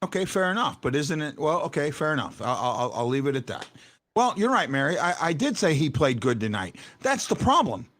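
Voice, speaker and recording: A man's voice: a little high, big pitch swings, fairly quick, a bit bright. A man hosting a casual postgame sports talk show, often restarting his sentences and stressing his points hard. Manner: stammering restarts, emphatic when arguing a point.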